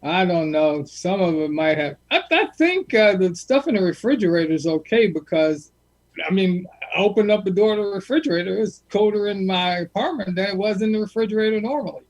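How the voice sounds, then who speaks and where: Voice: mid-range voice, animated, brisk. A caller from Texas on a video call, speaking plainly and bluntly in casual chat.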